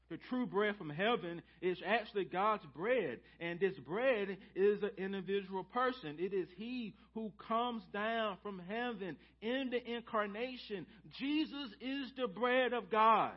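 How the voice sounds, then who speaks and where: A pastor with a notably high-pitched voice delivers a sermon to his congregation. He leans hard into emphatic phrases, then pulls back to hushed, almost whispered questions. The recording sounds a little dull and lo-fi. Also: lively intonation, a little slow. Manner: dynamic, swings from loud emphasis to hushed near-whispers. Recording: slightly dull lo-fi church audio.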